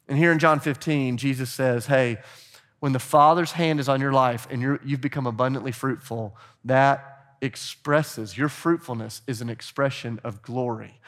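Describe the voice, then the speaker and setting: A middle-aged man preaching a sermon as pastor, animated and urging the congregation to join in. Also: mid-range voice.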